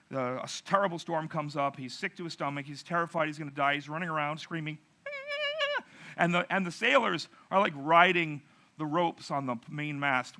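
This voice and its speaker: Bright-voiced man preaching a story sermon. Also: a little high. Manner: storytelling with acted-out quotes and dramatic pauses. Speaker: pastor. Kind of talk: narrative sermon.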